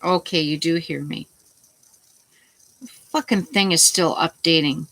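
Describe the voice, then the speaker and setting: Middle-aged woman, casual vlog storyteller; gravelly, sharp-toned, salty and meandering. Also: low voice, measured pace, no echo, poor audio. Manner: rambling, salty, starts over mid-sentence. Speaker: vlogger.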